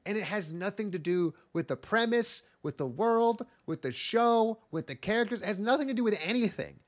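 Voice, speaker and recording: A man's voice: high-pitched, expressive, moderate pace. A man casually ranting about an anime plot, sarcastic and profane, with mock retellings of scenes. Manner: rambling, profane, sarcastic retelling with mocking impressions. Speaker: podcast co-host reviewing anime. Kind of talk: casual comedic chat.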